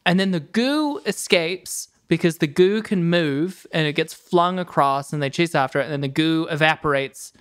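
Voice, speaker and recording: A woman co-hosting a casual film podcast, earnestly walking through plot points with lots of fillers. Her voice sits a bit low for a woman. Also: normal speed, hardly any pauses. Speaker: podcast co-host. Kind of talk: casual film review chat.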